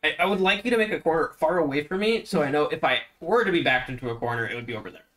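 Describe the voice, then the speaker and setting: Man, tabletop player, somewhat high pitch, lively intonation, anxious and joking. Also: rapid-fire. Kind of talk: casual tabletop play.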